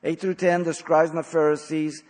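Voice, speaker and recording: A man preaching an expository sermon as pastor, blunt and emphatic, with sudden loud stresses. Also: a little high, flat delivery, moderate pace, in a large hall.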